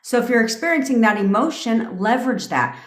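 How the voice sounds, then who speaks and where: A woman's voice: on the high side, very animated, a little fast, echoey room. A woman coaching viewers on a casual livestream, blunt and profane, laughing often. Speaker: manifestation coach. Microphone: phone or webcam.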